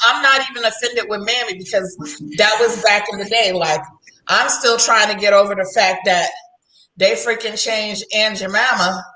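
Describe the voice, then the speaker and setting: Bright, chatty woman hosting. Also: medium pitch, moderate pace, roomy sound, poor audio. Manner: rambling, chatty, laughs often. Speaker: host. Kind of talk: casual livestream chat.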